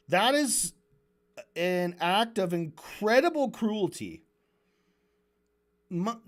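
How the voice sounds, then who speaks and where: A streamer giving heated, sarcastic livestream commentary on a debate. The speech is full of swearing and frequent stumbles and restarts. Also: mid-range voice. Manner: stumbling restarts while building arguments.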